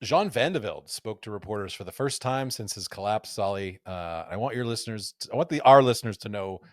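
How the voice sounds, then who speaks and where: A male podcast host telling a story in a wry, joking manner. His voice swings widely in pitch as he reads out quotes with relish. The recording is close and dry, with no room sound. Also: lively intonation, fairly quick, no room sound.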